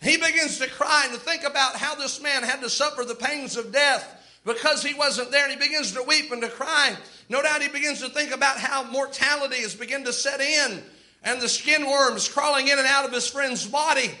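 A man's voice: very high voice, normal speed, sharp tone. A man preaching a sermon, telling the story with impassioned, dramatic rises and outbursts.

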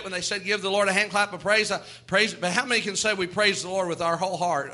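A man's voice: high voice, steady tone, fast talker, hardly any pauses, pushed and bright. A man preaching a sermon, reading scripture and urging his congregation to praise with fervent, rhythmic delivery. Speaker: pastor.

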